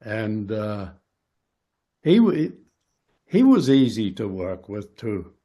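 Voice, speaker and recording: Older male guest, slow and unhurried, warm low tone, lots of "uh" as he tells old stories. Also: very animated. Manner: rambling, unhurried, many fillers and restarts. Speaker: interview guest, retired wrestler. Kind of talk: casual storytelling interview.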